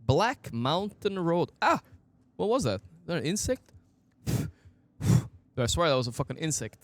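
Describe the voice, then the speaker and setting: A man streaming a game, giving casual, excitable commentary, swearing often and talking to his chat. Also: on the high side, normal speed, dry recording.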